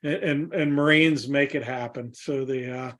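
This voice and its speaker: A man's voice: mid-range voice, steady tone, measured pace, a bit bright. A man who is an Air Force veteran and hosts the show, talking casually with lots of restarts. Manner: rambling, many restarts. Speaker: host, veterans group founder. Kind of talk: casual chat.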